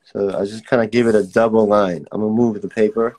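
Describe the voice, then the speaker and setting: A relaxed young man leads a live-streamed drawing class, chatting easily with viewers and reading their comments aloud. His voice sits fairly low, and his talk is loose and friendly while he sketches. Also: fast talker. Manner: laid-back, chatty, reads out viewer comments. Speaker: art teacher.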